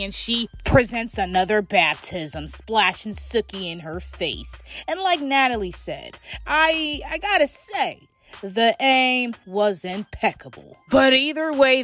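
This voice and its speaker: A woman giving a casual, animated and profane recap of a reality show, full of opinions. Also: a little high. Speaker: reality TV commentator.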